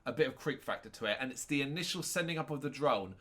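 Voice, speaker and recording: A man's voice: medium pitch, lively intonation, fast, a bit bright. A man co-hosting a casual film chat, sarcastic and ranty, often correcting himself mid-sentence and swearing. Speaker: co-host reviewing a film.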